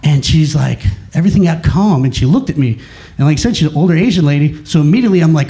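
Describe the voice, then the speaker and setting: A man performs stand-up in a comedy club, his voice sitting fairly high. He tells his story in an animated way, acting out the dialogue and shouting the punchlines. The sound carries the echo of the room. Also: quick pace.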